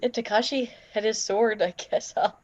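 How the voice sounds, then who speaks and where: A woman playing a tabletop game, chatty and quick to chime in. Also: a little high, fairly even intonation, darkish tone. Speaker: player. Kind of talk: casual tabletop play. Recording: dull, muffled audio.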